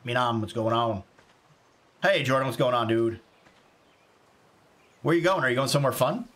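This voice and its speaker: A man from South Carolina streaming a survival game live, chatting excitedly and greeting viewers by name. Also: mid-range voice, normal speed. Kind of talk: casual live game commentary.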